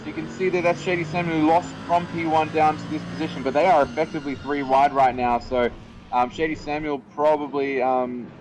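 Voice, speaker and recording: Energetic male sim racing commentator. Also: on the high side, a little fast, noisy background. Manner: energetic play-by-play, rising excitement with fillers. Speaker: lead race commentator.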